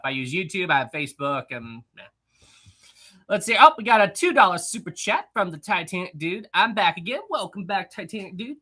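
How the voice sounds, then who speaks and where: A man's voice: on the high side, bright, forceful tone. A man hosting a casual live stream, upbeat, greeting viewers by name and reading their chat messages aloud.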